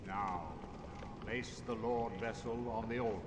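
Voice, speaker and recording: An actor voicing an eager, excitable ancient serpent creature in a video game, speaking in a grand, drawn-out way. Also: male voice, on the low side, close to an everyday voice. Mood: stately. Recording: game audio with background noise.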